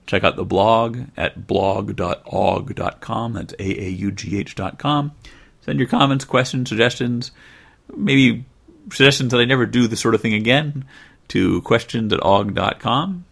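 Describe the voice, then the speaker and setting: A man hosting a podcast, reading a children's storybook aloud in an expressive way with dry humor. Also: lowish voice, gravelly, breathy edge. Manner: expressive, dryly joking. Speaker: podcast host.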